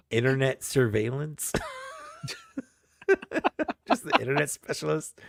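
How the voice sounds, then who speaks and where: A man's voice: medium pitch, slow pace, gravelly, pauses often, fairly bright tone. A man chatting as a guest, jokey and self-mocking, laughing often. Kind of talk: casual chat.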